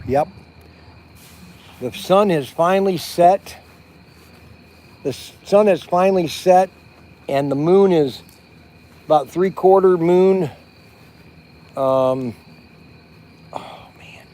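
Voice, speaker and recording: A middle-aged man with a notably high voice chats at a campfire at night in a loose, rambling way. He keeps restarting his sentences and reaching for words as he talks on a livestream. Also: slow, pauses often, dark tone. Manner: rambling, chatty, many restarts and fillers. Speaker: vlog host. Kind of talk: casual livestream chat. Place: outdoors at a campground by a fire at night.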